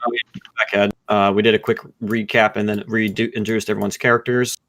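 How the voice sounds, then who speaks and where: Chill guy gm, lowish voice, rambles thru the recap. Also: little pitch movement, a little fast, fairly bright tone, no echo. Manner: easygoing, loose recaps with filler. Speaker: game master. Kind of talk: casual game narration over voice chat.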